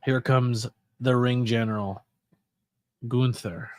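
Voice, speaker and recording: Here the host speaks slowly in a medium-pitched, steady, somewhat mellow voice, casually chatting about wrestling during his livestream. He yawns and sounds sleepy, staying chatty and relaxed while laughing at his own tales. The recording is dry.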